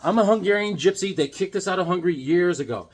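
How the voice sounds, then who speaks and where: A man's voice: high-pitched, fast talker. A man rambling through his comic book haul in a casual vlog, cracking jokes and interrupting himself. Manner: jokey, rambling, self-interrupting.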